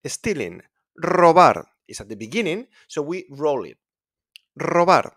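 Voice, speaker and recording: Man modeling sounds, slow and lively. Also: fairly high pitch. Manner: repeats each word slowly, modeling sounds; rolls his Rs with emphasis. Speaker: Spanish teacher. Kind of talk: pronunciation lesson.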